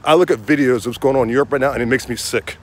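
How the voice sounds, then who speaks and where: A man's voice: medium pitch, racing. A young man hosting his own show, ranting heatedly about politics outdoors on a windy day, rambling and repeating himself. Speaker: show host. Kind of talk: outdoor political rant to viewers. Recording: wind noise outdoors.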